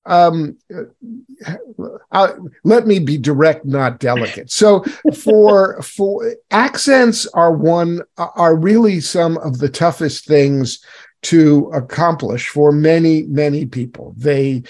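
A man's voice: a little high, slow pace, darkish tone. A man hosting an interview in a casual, rambling way, full of fillers and restarts. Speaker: radio interview host.

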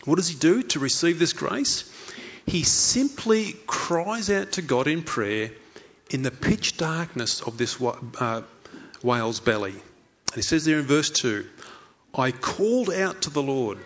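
A man's voice: on the high side, animated, a little slow, a bit bright, lo-fi sound. A man preaching a sermon in an earnest way, asking many rhetorical questions and voicing the thoughts of a story figure. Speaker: pastor.

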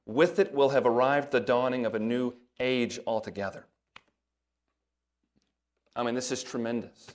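A man preaching from the pulpit, working steadily through a passage of scripture. He reads the verses with lifted emphasis and drops to a softer, lower voice for brief asides. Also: normal speed, long pauses. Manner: breaks into soft asides in a lower voice. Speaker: pastor. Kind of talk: sermon.

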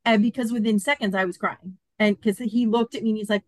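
Woman, 50s, interview guest; animated storyteller who performs the quotes, medium pitch, dry close mic. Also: quick pace, few pauses, no echo. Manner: animated, acts out quoted dialogue. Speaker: podcast guest.

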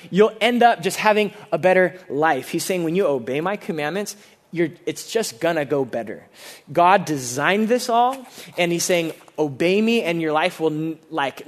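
A male pastor delivers a sermon in a high, earnest voice. He talks to the congregation in a loose, conversational way, restarting phrases often. For emphasis he sinks into a low, hushed tone. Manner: earnest, conversational preaching with many fillers and restarts.

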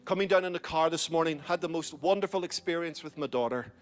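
A man's voice: on the high side, fast. A middle-aged male pastor preaching a sermon, urging his listeners and repeating key phrases.

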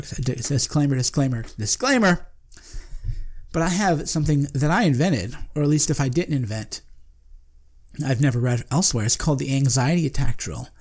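A man's voice: a little high, a little mellow. Emphatic man hosting a podcast. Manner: emphatic, self-interrupting, repeats phrases. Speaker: podcast host. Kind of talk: casual monologue.

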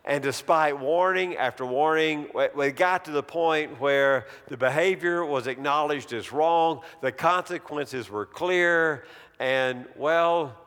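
A middle-aged man preaching a sermon in a church sanctuary, telling stories dramatically and slowing to a hush on key words. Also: on the high side, smooth. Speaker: pastor. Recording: long reverb of a large hall.

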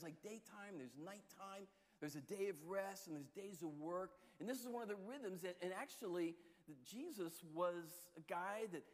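A man preaching a sermon and telling stories, with lively shifts between soft and loud delivery. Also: long reverb tail. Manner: storytelling, lively shifts in pitch and loudness. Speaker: pastor.

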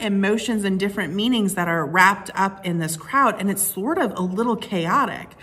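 A woman's voice: mid-range voice, measured pace, hardly any pauses, a bit bright. A woman preaching a sermon in a conversational way, with frequent fillers and restarts. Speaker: pastor.

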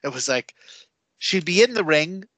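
A man co-hosting a podcast, telling rambling, animated stories in casual chat with lots of fillers. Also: high-pitched, moderate pace, dry recording. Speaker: podcast co-host.

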